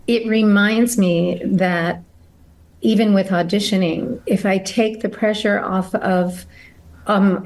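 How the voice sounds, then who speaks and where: A middle-aged woman, an actor and guest, speaking reflectively in an interview and pausing to search for her words. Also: medium pitch, steady tone, darkish tone, rough recording.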